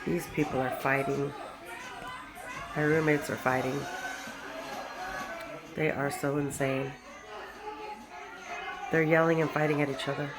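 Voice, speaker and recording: A woman's voice: sits low, flat delivery, measured pace, long pauses, crowd noise. A young woman talking casually to the camera in her home vlog, rambling with stops, restarts and repeated words. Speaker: vlogger. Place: home with noisy roommates.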